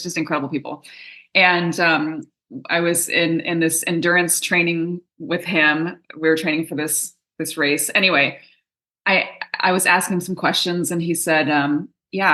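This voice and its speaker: Woman coach, interview guest, bright lower-pitched voice, earnest storytelling. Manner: earnest storytelling with frequent fillers. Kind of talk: conversational interview.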